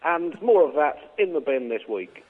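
A man co-hosting a comedy podcast, delivering absurd jokes deadpan with frequent chuckles. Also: a little high, moderate pace. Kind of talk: comic monologue and banter. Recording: phone-like narrow band.

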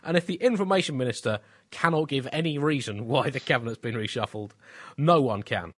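A man's voice: mid-range voice, a little fast, a bit bright, slightly rough. Dry-witted man riffing comedically. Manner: dry, wry asides. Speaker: co-host. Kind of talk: comedic podcast banter.

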